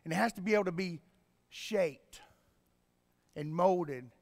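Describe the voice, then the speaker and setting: A man preaching a sermon as pastor, swinging from quiet explaining to loud emphatic bursts. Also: high-pitched, measured pace, creaky. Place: church sanctuary. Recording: long reverb in a church hall.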